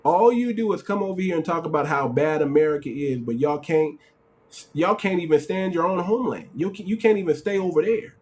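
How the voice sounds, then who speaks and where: A man's voice: on the high side, animated, brisk, darkish tone, a little hiss or hum. Mocking repetitive male streamer. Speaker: host. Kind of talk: live call-in stream chat.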